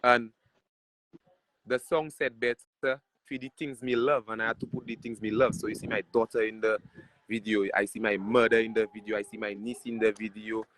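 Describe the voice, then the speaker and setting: A man's voice: lowish voice, moderate pace, no room sound, low-quality recording. A man with a Saint Lucian accent, a calypso artist, talking animatedly about his music video and family in a casual interview. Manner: animated, patriotic, repeats phrases like "you check what I showing you".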